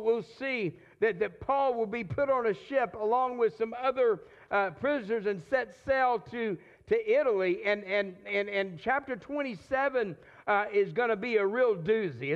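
A man's voice: high voice, moderate pace, hardly any pauses, dull audio. A man preaching a sermon in a conversational way, often repeating and restarting his words. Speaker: pastor.

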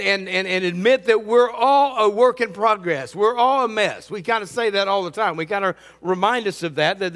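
A man's voice: sits high, fairly bright tone, long reverb tail. A middle-aged man preaching a sermon as pastor, earnest and often repeating words.

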